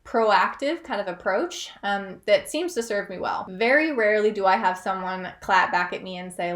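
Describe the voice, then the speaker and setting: A woman's voice: mid-range voice, normal speed, a bit bright. Young woman vlogger, chatty and upbeat, casual tips delivery, roomy echo. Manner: chatty, upbeat, self-aware asides. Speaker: freelance writer vlogger. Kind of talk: casual tutorial vlog.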